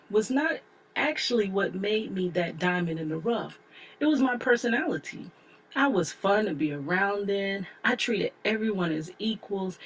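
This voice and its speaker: Husky woman narrating her memoir. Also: on the low side, a bit bright. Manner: candid storytelling, conversational asides.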